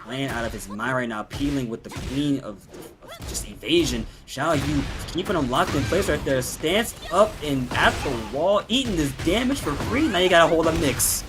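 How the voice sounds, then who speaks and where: Male esports analyst, lively swings in pitch, jokey, clear music bed behind. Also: moderate pace. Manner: lively, joking, animated with exclamations. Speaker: esports color commentator. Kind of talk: color commentary.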